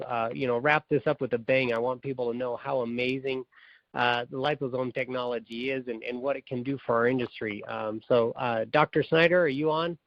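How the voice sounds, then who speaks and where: A man's voice: mid-range voice, no echo. Hesitant man hosting a phone call. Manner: friendly, hesitant, many uhs. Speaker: host. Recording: dry, dull phone line.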